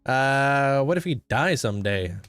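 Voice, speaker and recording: A man's voice: medium pitch, expressive, measured pace, fairly bright tone, smooth, dry recording, soft background music. A young man livestreaming a game, chatting casually and greeting viewers by name. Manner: laid-back, thanks and greets viewers by name. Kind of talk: casual chat with live viewers while playing.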